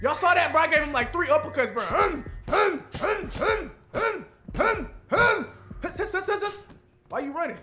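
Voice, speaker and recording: Cocky, high-voiced trash-talking gamer. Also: male voice, expressive, normal speed, pushed and bright, faint music behind. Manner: cocky taunting with grunted punch noises. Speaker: gamer streamer. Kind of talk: live trash-talking gameplay commentary.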